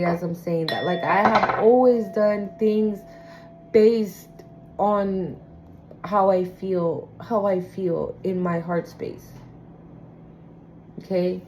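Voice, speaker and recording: A woman's voice: mid-range voice, darkish tone, a little hiss or hum, rough recording. A woman giving a casual spoken tarot reading, talking bluntly and emphatically with plenty of swearing. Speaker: tarot reader.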